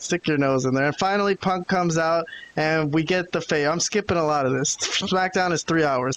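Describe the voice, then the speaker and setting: Animated higher-voiced male podcast host. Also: a little hiss or hum, low-quality recording. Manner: animated storyteller, acting out quotes. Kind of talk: casual wrestling recap chat.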